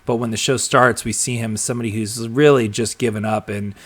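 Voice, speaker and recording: A young man chats loosely on a live stream, stopping often for ums and uhs and starting sentences over. His voice sits at an ordinary, middling pitch for a man, and his delivery stays relaxed and unscripted. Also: brisk. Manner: rambling, filler-heavy, chuckles and trails off. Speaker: host of a live show reading viewer comments. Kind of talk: casual live-stream chat.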